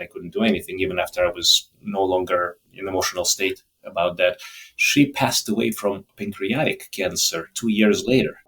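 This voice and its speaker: A middle-aged man, a holistic doctor guesting on a podcast, talking in a reflective, emotional way with frequent restarts. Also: sits low. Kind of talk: candid interview talk.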